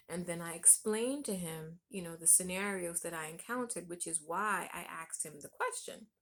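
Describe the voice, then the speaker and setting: A woman vlogger telling a personal story in a relaxed, conversational way. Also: on the low side, normal speed, few pauses. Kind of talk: storytelling vlog.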